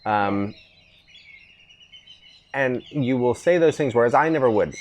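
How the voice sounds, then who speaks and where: A middle-aged podcast host speaks at a measured pace, his mid-range voice carrying lively intonation. Out on a veranda he chats casually with his son, drifting through stories in a relaxed manner and restarting now and then.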